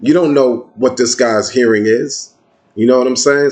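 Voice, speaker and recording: A man's voice: medium pitch, moderate pace. A man with a casual, streetwise manner, telling a personal story in an emphatic, conversational monologue.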